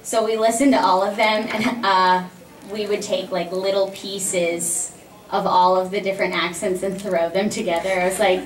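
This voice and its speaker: A woman guest speaks on a convention panel, bouncing through stories and playing out every exchange. She sounds distant from the mic, with a roomy echo and faint hum. Her pitch sits at a middle level. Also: normal speed. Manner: animated storyteller who acts out quoted exchanges and laughs often. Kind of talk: casual audience Q&A. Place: large convention panel room. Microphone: filmed from the audience by a distant camera. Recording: echoey hall recorded from far off with faint hum.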